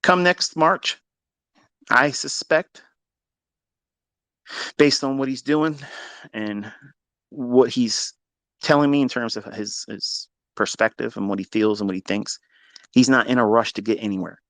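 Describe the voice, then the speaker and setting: A man giving an unscripted motivational lecture as a trading mentor, blunt and profane, dropping to low mutters and then rising to loud, emphatic outbursts. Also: a little slow, gravelly, pauses often, dry recording.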